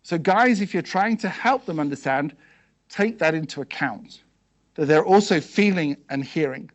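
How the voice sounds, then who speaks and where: A man giving a seminar talk to a live audience, asking them quick questions and checking in with "okay" and "yes?" as he goes. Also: fairly high pitch, animated. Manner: conversational, peppered with "okay" and "yes?". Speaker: seminar speaker.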